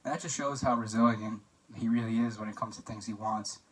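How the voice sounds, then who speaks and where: Young guy, best-man toast for a class, joking and rambling, bright voice, mic at a distance. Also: on the low side, fairly even intonation, brisk. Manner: chatty and joking, with filler words and anecdotes. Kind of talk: mock wedding toast for a class assignment.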